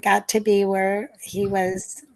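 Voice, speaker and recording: An older ex-nurse is interviewed over video about what she remembers. Her mid-range voice barely moves in pitch and she takes her time, faltering with many fillers and false starts and sighing gently.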